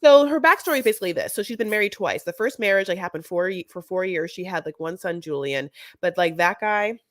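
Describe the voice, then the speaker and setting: A woman's voice: fairly low pitch, quick pace, no room sound. A young woman recapping a reality show in casual, gossipy chat, calling people "honey". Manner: animated, gossipy, fond of "honey". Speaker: podcast co-host.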